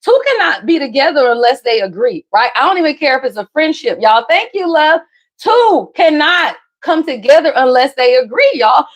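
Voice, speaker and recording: On a live tarot reading stream, a spiritual reader with a high voice speaks loudly and profanely. She is blunt, says "y'all" constantly, and swings suddenly from loud emphasis to low asides.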